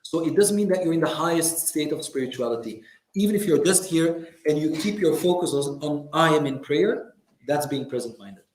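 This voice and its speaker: A man delivers a religious lesson to a class with lively, teasing energy, now and then mimicking the people he describes. His voice sits a little high for a man. The sound carries the ring of a reverberant community hall. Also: normal speed. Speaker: religious teacher. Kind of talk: lecture to a class. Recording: echoey hall.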